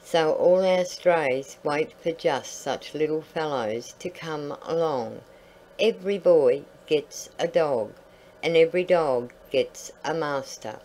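A woman voicing an older male bull terrier who calmly reassures newcomers. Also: low voice, takes it slowly, slight background noise, rough recording. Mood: reassuring. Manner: reassuring, gently amused.

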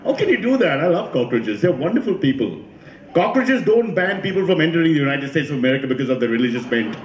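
A man's voice: fairly high pitch, very animated, fast, roomy sound. A man doing stand-up comedy, teasing and quizzing his audience. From India.

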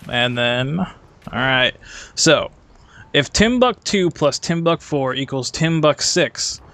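A man's voice: a little high, expressive, slow pace, a bit bright. A man hosting a casual gaming-clan Q&A, reading out questions in an easy, amused manner. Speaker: interviewer reading viewer questions. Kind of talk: casual chat.

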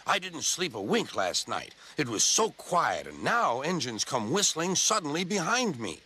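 A man's voice: mid-range voice, sing-song, moderate pace, bright, forceful tone, husky, pitched above the performer's own voice, exaggerated voice. A man voicing a cross, sleepless policeman who splutters indignantly.

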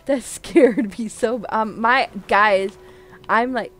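A woman's voice: fairly high pitch, slow, fairly bright tone. A woman streaming a game live, talking to her viewers, jumpy and frightened, squealing and laughing nervously. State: scared.

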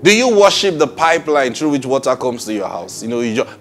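A man preaching a sermon, emphatic, laughing often and acting out quoted people in a low muttering voice. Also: sing-song, fairly quick, few pauses, fairly bright tone, faint music behind.

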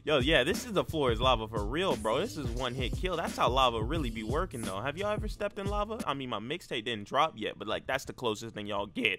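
A man with a bright, ringing voice chats through a game on a home mic, swinging widely up and down in pitch. He is energetic and slangy, giving casual let's-play commentary with a faint music bed behind him. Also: fairly quick, few pauses. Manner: energetic, slangy, hyped-up chatter. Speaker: YouTuber gamer.

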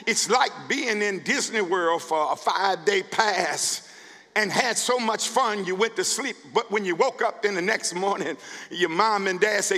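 A male pastor preaching a sermon, building from calm scripture reading to shouted calls to the congregation. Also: high-pitched, moderate pace, long reverb tail. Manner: preaching, rising to shouts with repeated words. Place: church sanctuary.

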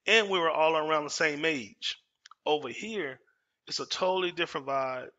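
A man from Dallas, Texas, with a slightly high voice and sharp tone, speaks at normal speed over lo-fi sound. As a storyteller host, he shares a personal story in casual, emphatic talk, repeating phrases and using street slang.

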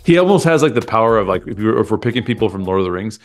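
A man's voice: on the low side, lively intonation, very fast, faint music behind. A man co-hosting a casual chat, talking in a rambling, enthusiastic way with lots of fillers and restarts, into a desk microphone. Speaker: podcast co-host. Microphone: desk microphone after switching from a headset mic.

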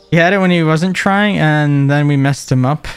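A man streaming a video game, chatting in a playful, joking way and jumping into excited exclamations. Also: measured pace, clean tone, soft background music. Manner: playful, jokey, bursts into excited high exclamations. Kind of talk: casual gameplay commentary.

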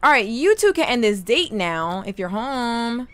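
Lively chatty young woman playing a game. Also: on the high side, a little slow, heavy background noise. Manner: chatty, excitable, talks to the viewers and her characters. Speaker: gaming YouTuber. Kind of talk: casual let's play commentary.

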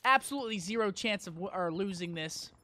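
This man's voice sits high and sounds pushed and bright, animated and a little fast, as he provides live gameplay commentary for YouTube. He alternates between hyping himself and mocking his own blunders, erupting without warning.

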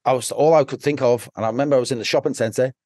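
A man with a Scouse accent recounts his past in a loose, rambling way, dropping swear words into nearly every sentence. His voice sits at an ordinary middle pitch, and the sound is dry and close with no room echo. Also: racing, a little mellow. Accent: Liverpool (Scouse). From Liverpool, England. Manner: blunt, rambling, swears constantly. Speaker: podcast guest. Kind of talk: casual storytelling.

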